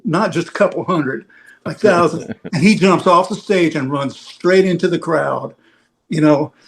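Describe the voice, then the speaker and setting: A man's voice: a little high, a little slow, gravelly. A man telling a long road story in casual podcast chat, rambling with lots of filler phrases. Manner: rambling anecdotal, heavy "you know" fillers. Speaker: veteran rock roadie guest.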